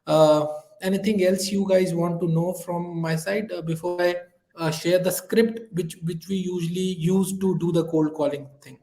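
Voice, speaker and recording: Hesitant high-voiced man on an echoey call. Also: fairly even intonation, moderate pace, dark tone. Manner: hesitant, many fillers. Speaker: sales rep volunteer. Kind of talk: webinar role-play call.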